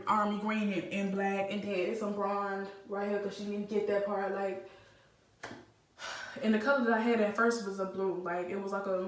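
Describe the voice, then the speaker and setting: A woman's voice: medium pitch, slight background noise. Young woman telling a story, roomy phone sound. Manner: animated, slangy storytelling with many fillers. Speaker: vlogger. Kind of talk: casual storytime vlog. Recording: roomy, slightly distant phone mic.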